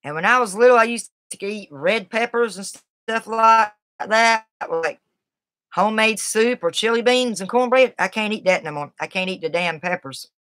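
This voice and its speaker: A woman with a Southern accent talks casually on a live stream in a rambling, folksy way, reacting to her viewers' comments as she goes. Her voice sits at an ordinary middle pitch. The sound is dry and close, with no room echo. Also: moderate pace, fairly bright tone. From Southern United States.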